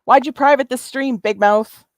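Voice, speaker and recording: A woman's voice: sits high, moderate pace, no echo, clean studio sound. A woman hosting a commentary livestream, combative, sarcastic and profane as she answers another streamer. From Canada. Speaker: YouTube commentary host.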